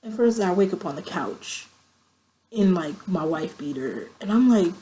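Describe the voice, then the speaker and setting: A woman's voice: measured pace, rough recording. A woman telling a long, profane story in a casual vlog, acting out quoted friends with her voice. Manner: animated, profane, acts out quoted friends with pitch jumps. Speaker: vlogger.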